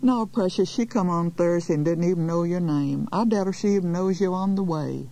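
A woman's voice: on the low side, a little fast, mellow, voice pushed up, natural voice, low-quality recording. A woman voicing a coy, sugary beautician.

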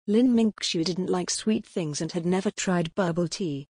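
Breathy woman narrating an audiobook. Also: fairly low pitch, normal speed, darkish tone, dry recording, studio quality.

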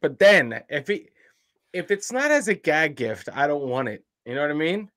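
A man's voice: fairly high pitch, very animated, normal speed, fairly bright tone, no echo, clean studio sound. An American man co-hosting a reaction video, talking casually with emphatic opinions. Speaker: reaction channel co-host.

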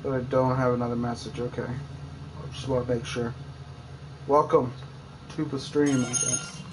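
A man's voice: mid-range voice, little pitch movement, moderate pace, noisy background. Chatty male game streamer. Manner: chatty, talking to himself. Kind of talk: live game commentary.

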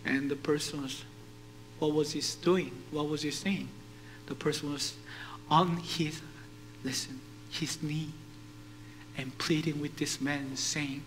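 A male pastor preaching a sermon, animated and putting questions to his congregation. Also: on the high side, slow, pauses often, slight background noise, poor audio.

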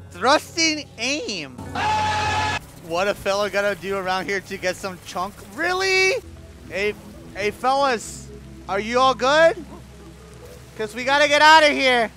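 A man with a strikingly high, bright voice gives excitable, swearing commentary as he plays a video game for his chat. His pitch leaps around a lot, and he talks at an unhurried pace between sudden yelps and shouts. Soft music plays faintly underneath. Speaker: gaming streamer. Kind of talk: profane live game commentary.

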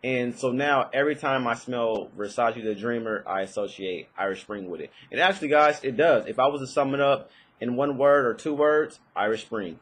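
A man's voice: medium pitch, normal speed, husky, rough recording. A young man giving a casual, rambling fragrance review, with many fillers and restarts.

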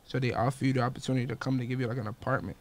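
A man with a New York accent hosting a podcast, telling stories in an excitable, laughing way. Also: mid-range voice, racing, slight background noise. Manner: excitable, storytelling, laughs often. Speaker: podcast host. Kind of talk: casual podcast chat.

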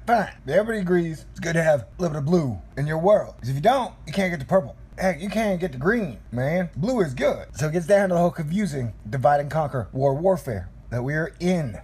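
A man's voice: fairly high pitch, darkish tone, husky. A man talking casually to his viewers in a loose, musing monologue with asides. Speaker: vlogger.

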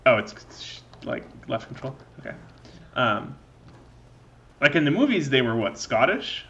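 A man's voice: mid-range voice, big pitch swings, unhurried, sharp tone, lo-fi sound. A man giving loose, joking let's play commentary while he plays, often losing his train of thought. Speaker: gaming channel host.

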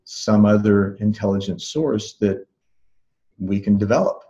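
A man being interviewed as a life coach, recounting a memory in a calm, thoughtful way with soft laughs and restarts. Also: fairly low pitch, unhurried, lo-fi sound. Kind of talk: reflective interview storytelling.

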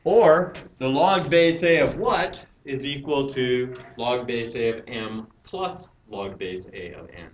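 A man's voice: mid-range voice, slow pace, hardly any pauses, dull audio. A male math teacher lecturing a class, explaining step by step and questioning the students. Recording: roomy, distant classroom mic with hiss.

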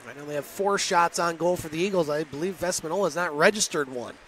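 Bright, high-voiced man calling hockey. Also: slight background noise. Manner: rapid, clipped play calls with chatty asides. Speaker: play-by-play announcer. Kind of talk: hockey play-by-play commentary.

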